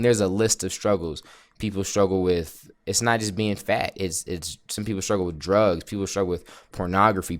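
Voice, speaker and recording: Give me a man with a fairly low voice, speaking earnestly and openly to his viewers. He talks in a casual motivational vlog style, restarting and repeating words as he drives his point home. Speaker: vlogger.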